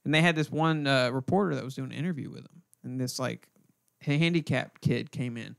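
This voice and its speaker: A man's voice: medium pitch, brisk, creaky. A man hosting a podcast, chatting in loose, joking, profane banter. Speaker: podcast host. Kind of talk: casual podcast chat.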